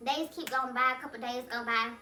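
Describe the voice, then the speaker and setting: A woman telling viewers a personal story in a casual storytime vlog, speaking in an animated way and addressing her audience as "y'all.". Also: high voice, a little fast. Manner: acts out the voices of people in her story. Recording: roomy sound from a distance, faint music behind.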